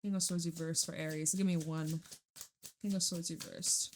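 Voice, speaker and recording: A woman's voice: low-pitched, little pitch movement, moderate pace, a little mellow, slight background noise. Young female tarot reader, casual chat, rambly and profane, laughs a lot. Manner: chatty, rambling, laughs and swears freely.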